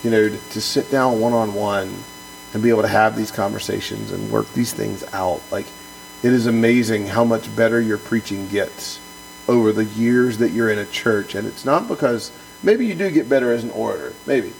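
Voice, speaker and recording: A pastor co-hosting a podcast reads from a book and then discusses it earnestly and emphatically, often restarting and repeating words. His voice is on the low side and creaky, at a moderate pace. Faint music plays behind a rough recording.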